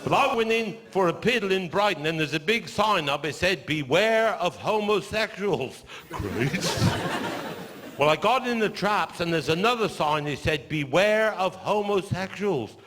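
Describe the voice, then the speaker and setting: An older man with a Cornish accent telling stand-up stories, with dry deadpan asides after each punchline. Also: high voice, brisk, hardly any pauses. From Cornwall. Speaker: stand-up comedian. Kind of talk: stand-up storytelling. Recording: live show in a large hall with audience laughter.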